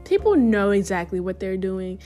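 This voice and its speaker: A woman's voice: mid-range voice, sing-song, normal speed, dark tone, soft background music. A young woman hosting her own podcast, talking casually and reflectively, interrupting herself with playful asides and repeating her advice for emphasis. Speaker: podcast host.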